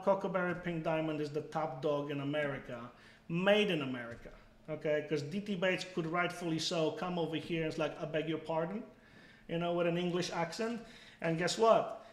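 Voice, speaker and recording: Plain-spoken male stream host, forceful and emphatic, slightly raised pitch, roomy echo. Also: fairly even intonation, a little fast. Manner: blunt, emphatic, peppers talk with "okay?" and swearing. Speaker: bait seller hosting a live stream. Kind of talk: casual live-stream chat answering viewers.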